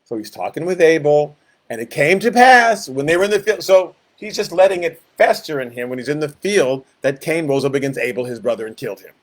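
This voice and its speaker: A man leading a Bible study in a conversational preaching style, animated and acting out quoted voices, shifting between loud and soft. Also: fairly high pitch, brisk.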